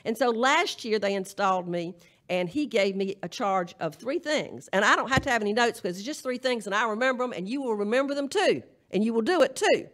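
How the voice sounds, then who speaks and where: A woman's voice: on the high side, lively intonation, brisk, a bit bright. A woman minister with a Southern US accent, delivering a humorous, emphatic charge to a congregation at a live church service. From Southern United States. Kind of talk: folksy sermon-style charge.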